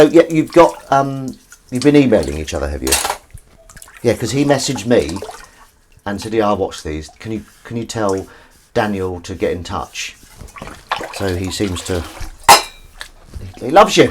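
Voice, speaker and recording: A man's voice: fairly low pitch, sing-song, moderate pace, pauses often, a little hiss or hum. A man hosting a casual live stream from his kitchen sink, rambling and chatting with his viewers. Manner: rambling, chatty, reads out and answers chat. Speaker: livestream host.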